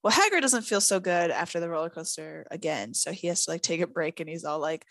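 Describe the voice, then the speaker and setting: A woman's voice: fairly low pitch, expressive, quick pace, a bit bright, no echo. A woman co-hosting a casual book podcast, laughing often and playfully quoting characters. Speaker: podcast co-host. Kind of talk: casual book-discussion chat.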